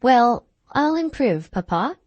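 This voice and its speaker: A woman voicing a lively, pert young woman who speaks eagerly, pitched higher than her narration. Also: slow, no room sound, highs cut off, full character voice.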